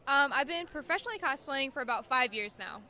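A woman's voice: high voice, animated, fast, bright, forceful tone. A woman, a professional cosplayer, chiming in during an interview in a chirpy, giggly way.

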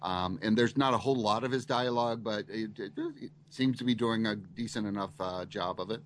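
A man talking casually on a podcast panel, pausing often and hesitating with fillers. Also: fairly low pitch, slight background noise. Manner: hesitant, full of ums and uhs. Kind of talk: casual chat.

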